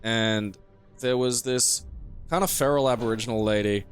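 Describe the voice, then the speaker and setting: A man's voice: mid-range voice, normal speed, soft background music. A young Australian man telling a rambling, profane anecdote in casual chat over a game playthrough, often laughing. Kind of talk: casual let's-play storytelling.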